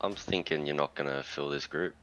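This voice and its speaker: A man's voice: rumbling low, a little fast, fairly bright tone. A man in a gaming voice chat, blunt and teasing, heard through dull voice-chat audio. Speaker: friend in voice chat.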